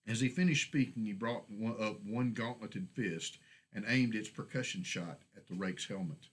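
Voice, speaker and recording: Man reading his story aloud, deep voice, husky, measured. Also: rough recording. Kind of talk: storybook narration.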